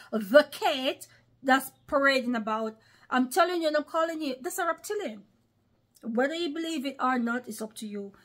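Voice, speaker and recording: Her voice sits high and a bit bright. She's an online preacher giving emphatic religious commentary in a vlog, often speaking to listeners as brothers and sisters.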